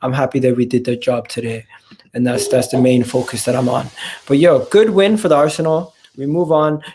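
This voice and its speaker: Gravelly-voiced man hosting a football chat. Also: medium pitch, brisk. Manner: excitable, repeats and restarts phrases. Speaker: fan channel host.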